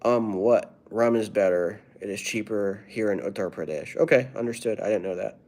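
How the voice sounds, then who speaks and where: A male comedian chatting casually with viewers on a live stream, playful and riffing in quick rhymes. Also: lowish voice, darkish tone.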